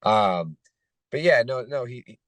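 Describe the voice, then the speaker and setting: A hoarse man in his thirties, a fighter being interviewed, talking casually with halting restarts and fillers. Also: mid-range voice, animated, dry recording. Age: 30s. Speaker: guest fighter.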